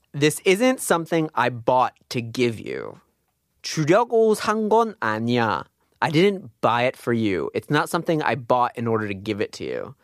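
A man giving a casual language lesson, chatty and loose, with plenty of "like" and "um" as he explains. His voice sits at a middle pitch. The recording is dry and close, with no room sound. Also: no echo. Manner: chatty, many fillers and asides. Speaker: language teacher.

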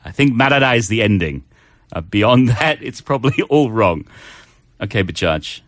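A man's voice: on the low side, expressive, fairly quick, fairly bright tone, dry recording, studio quality. A man co-hosting a casual language show, talking in a chatty, teasing and playfully self-deprecating way. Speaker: co-host.

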